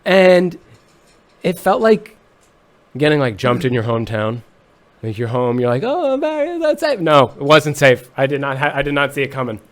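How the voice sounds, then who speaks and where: A man who is a musician, a guest on a comedic podcast, telling stories in a deadpan, mock-serious way. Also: mid-range voice, normal speed. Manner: deadpan joking, exaggerated mock-serious bits.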